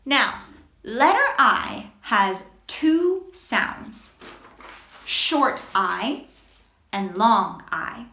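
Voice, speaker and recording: A woman teaching a children's phonics lesson, speaking slowly and exaggerating each sound for young learners. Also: fairly high pitch, reverberant. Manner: slow, expressive, exaggerated sounds.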